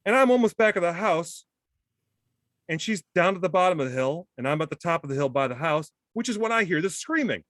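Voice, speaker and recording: A man with a slightly high voice speaks briskly in clean studio sound with no echo. Chatting casually, he tells a humorous story at his own expense, animatedly doing the voices of its characters.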